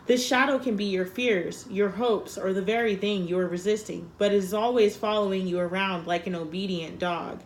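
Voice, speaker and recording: A woman's voice: mid-range voice, reverberant, a little hiss or hum. A woman giving a casual tarot reading, talking bluntly and frankly, swearing freely. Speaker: tarot reader.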